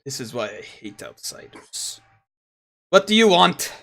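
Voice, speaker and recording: A man's voice: fairly high pitch, big pitch swings, measured pace, gravelly, pushed and bright, a little hiss or hum, exaggerated voice. A man voicing a grumpy, suspicious male shopkeeper in a tabletop game, scornful and snapping at outsiders. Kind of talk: tabletop game role-play.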